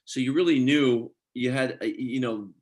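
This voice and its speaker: A man's voice: mid-range voice, normal speed. A middle-aged man from Scotland, an actor telling stories in a casual interview and acting out quoted dialogue. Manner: animated storyteller, quotes others in dialogue. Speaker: actor guest.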